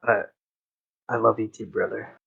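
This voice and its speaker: Calm warrior, played by a man, low and gravelly, husky and bright-edged. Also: measured pace, dull audio, full character voice.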